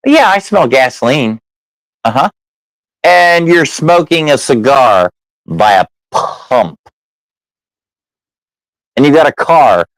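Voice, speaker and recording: Profane, animated storytelling man. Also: mid-range voice, no echo, rough recording. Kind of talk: casual storytelling chat.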